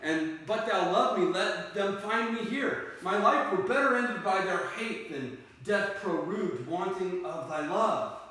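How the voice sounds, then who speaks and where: A man's voice: high-pitched, lively intonation, unhurried, hardly any pauses, sharp tone, full character voice. Romeo, a man reading an ardent young lover. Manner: declaiming verse with raised voice. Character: young male lover Romeo, earnest and bold. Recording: echoey room, mic far off.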